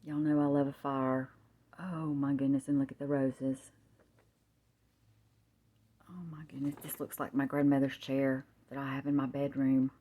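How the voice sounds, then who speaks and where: Woman, low voice, gushing and half-whispering close to the camera at home. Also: flat delivery, normal speed. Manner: gushing, often softly whispering. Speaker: craft vlogger. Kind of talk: show-and-tell craft vlog. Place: home, husband in another room. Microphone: camera held close up.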